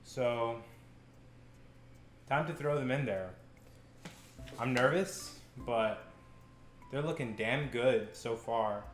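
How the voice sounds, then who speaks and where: A young man hosts a home cooking vlog in an echoey kitchen, faint background music playing under him. He talks slowly and loosely, stumbling over restarts and breaking into excited swearing. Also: medium pitch. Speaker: cooking show host.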